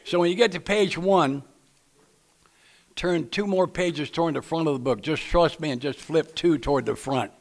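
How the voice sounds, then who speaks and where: A man's voice: on the high side, normal speed. A man from Tennessee, leading a recovery book study and talking to a group in a plainspoken, folksy way with jokes for the audience. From Nashville, Tennessee. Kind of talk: speaker-meeting talk to a group.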